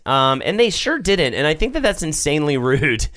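Smooth-voiced male podcast host. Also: on the high side, big pitch swings, moderate pace, fairly bright tone. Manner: storytelling, hesitant with fillers, profane. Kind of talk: casual chat.

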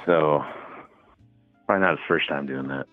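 A man, his voice very deep and thin like a tinny phone line. He tells stories in an easygoing way, padded with fillers. The sound is dry and close. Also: normal speed, no room sound, soft background music. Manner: laid-back storytelling with filler words. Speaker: caller. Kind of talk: casual phone call.

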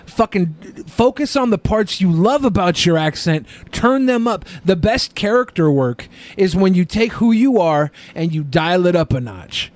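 Animated high-voiced podcast co-host. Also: male voice, measured pace, hardly any pauses. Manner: crude, jokey, laughs often. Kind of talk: casual podcast banter.

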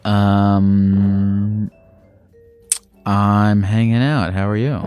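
A man's voice: lowish voice, flat delivery, drawn-out words, a little mellow, clear, resonant tone, no room sound, faint music behind. A man hosting a call-in show, talking through a caller's problem in a loose, slangy, rambling way. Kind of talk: casual advice chat.

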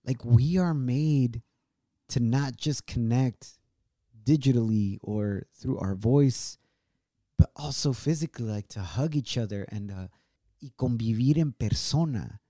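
A man in his thirties with a warm, mellow voice speaks earnestly and with open emotion as a show host. He drops Spanish phrases into his English. The sound is close and dry, as from a home studio. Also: medium pitch, measured pace, dry recording. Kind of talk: heartfelt casual chat.

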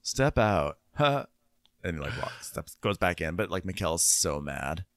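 A man casually recapping a reality show episode with a co-host, mocking and animated, slipping into quoted voices. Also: low-pitched, measured pace, dry recording, studio quality. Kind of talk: casual comedic chat.

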